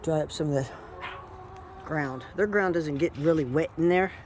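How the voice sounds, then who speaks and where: A woman's voice: low-pitched, moderate pace, a crowd in the background. A woman walking around her homestead yard with a handheld camera, chatting casually and talking to her animals as she goes. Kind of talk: casual walk-and-talk vlog. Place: outdoors on a homestead yard after a storm. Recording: noisy outdoor recording.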